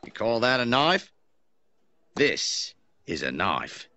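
A man's voice: mid-range voice, big pitch swings, slow, sharp tone, dry recording, muffled recording, pitched below the performer's own voice, exaggerated voice. A man doing a swaggering outback bloke. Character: rugged outback man brandishing a huge knife.

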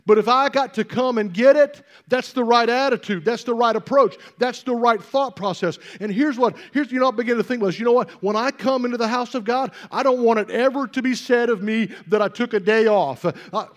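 A man with a strikingly high voice delivers a sermon from the pulpit. He preaches emphatically, circling back over his phrases and building his volume until he is nearly shouting. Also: fairly quick, few pauses. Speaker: pastor.

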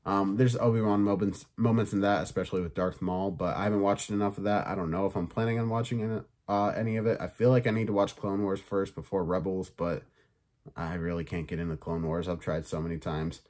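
A podcast host talks through his review on his own in a loose, chatty way. He is an excitable man with a fairly low voice who leans on fillers and swears casually. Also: a little fast.

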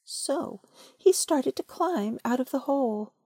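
A woman reading a children's story aloud at an unhurried pace. Her pitch moves a lot, keeping it expressive. The sound is dry and close. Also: breathy edge, no echo. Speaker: storybook reader.

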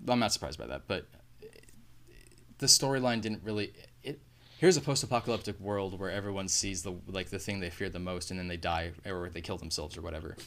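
A man's voice: deep voice, fairly quick, a bit bright. A man co-hosting a podcast in casual chat, rambling and swearing as he goes. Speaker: podcast co-host.

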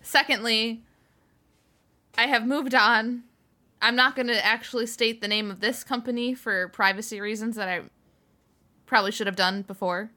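Young woman co-host, bright tense voice, a touch high, candid and quick. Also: steady tone. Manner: fast, candid, laughs often. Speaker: podcast co-host. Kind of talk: casual chat. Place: home.

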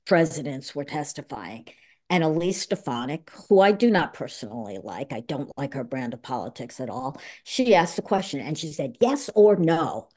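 An older woman hosting a casual podcast conversation, chatty and quick to correct herself with a laugh. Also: deep voice, darkish tone. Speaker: podcast host.

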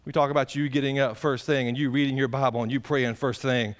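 A man's voice: mid-range voice, flat delivery, fast talker. A man, a pastor preaching a folksy, conversational sermon and putting direct questions to the congregation.

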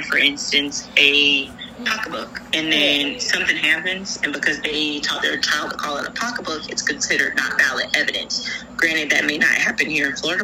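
Young woman on a podcast, low voice w/ a bright edge, earnest, repeats herself for emphasis, light hiss. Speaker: podcast co-host. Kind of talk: casual chat.

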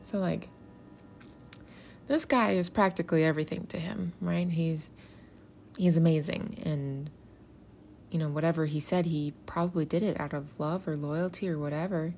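A woman's voice: low-pitched, steady tone, moderate pace, vocal fry, pauses often, a little mellow, soft background music. A young adult woman reflecting casually on a Bible story, rambling and informal with many "you know" and "like" fillers.

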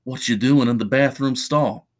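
A man voicing an eerie, disembodied female voice that speaks in a flat, persistent monotone, in a horror story reading. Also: mid-range voice, moderate pace, lightly acted.

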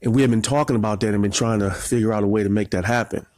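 A man's voice: on the low side, fairly even intonation, very fast, heavy background noise. A man in his forties, a marketing coach, giving an emotional motivational talk, holding back tears and repeating phrases as he tells his story.

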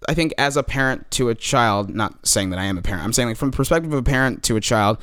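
A man's voice: medium pitch, animated, quick pace, a bit bright, smooth, no echo, clean studio sound. A young man co-hosting a podcast, talking loosely in casual chat with casual swearing. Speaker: podcast co-host.

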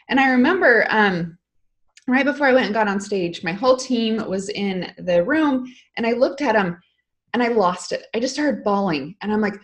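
A woman's voice: mid-range voice, animated, moderate pace. Woman, middle-aged, earnest, emotional, candid, interview guest. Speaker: guest, online course creator. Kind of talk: casual interview, personal story.

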